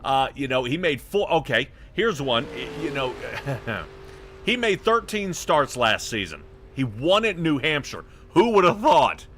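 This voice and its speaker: A man's voice: medium pitch, sing-song, unhurried, fairly bright tone, slight background noise. A man doing casual, chatty play-by-play for a sim racing broadcast, often trailing off and laughing.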